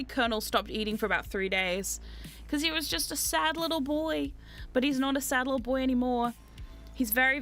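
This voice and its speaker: High, bright-voiced chatty woman streamer. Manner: chatty, swears freely, frequent laughter. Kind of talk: casual storytelling chat.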